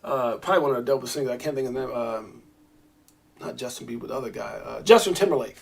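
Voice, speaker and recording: A middle-aged man hosting a crypto live stream, talking in a rambling, animated way and answering viewers in the chat by name. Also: medium pitch, quick pace, gravelly. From Brownsville, Brooklyn, New York. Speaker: crypto livestream host.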